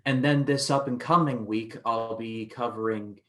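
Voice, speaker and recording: A man's voice: mid-range voice, steady tone, moderate pace. A man co-hosting a film review podcast, chatting casually and stumbling through restarts as he retells scenes.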